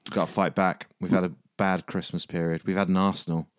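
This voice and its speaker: Low-voiced chill guy on a football pod, dry jokes, dead dry sound. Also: flat delivery, quick pace, clear, resonant tone, dry recording. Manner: laid-back, dry humour, brief replies. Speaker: podcast co-host. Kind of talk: casual football chat.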